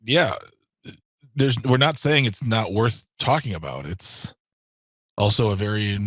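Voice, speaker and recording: Radio co-host, man, wry blunt delivery, bright tone, close dry mic. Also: fairly low pitch, expressive, measured pace, no echo. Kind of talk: call-in radio talk.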